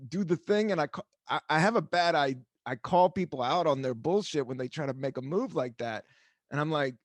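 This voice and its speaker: A talkative man in his forties hosts a casual podcast, wandering from story to story and swearing freely as he acts out other people's lines. His pitch swings widely and sits a touch high for a man. The sound is close and dry, with no room around it. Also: dry recording. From United States. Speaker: podcast host. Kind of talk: casual chat.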